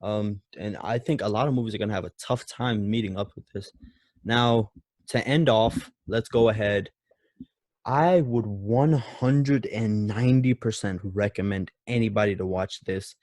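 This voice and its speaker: A man's voice: lowish voice, normal speed, a little mellow, no room sound, studio quality. A man co-hosting a casual movie podcast who laughs often and acts out quotes in shifting voices. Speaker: podcast co-host.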